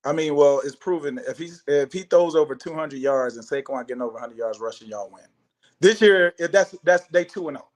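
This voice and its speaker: Man, emphatic, stat-heavy sports talk, slightly high voice. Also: fairly quick. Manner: emphatic, listing stats, repeating points. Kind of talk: casual sports chat.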